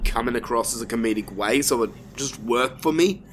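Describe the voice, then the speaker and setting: Give me an Australian man hosting a relaxed film review, loose and profane. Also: medium pitch, a little fast, a little hiss or hum. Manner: laid-back, swears freely, frequent restarts. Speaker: podcast host. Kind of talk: casual film review chat.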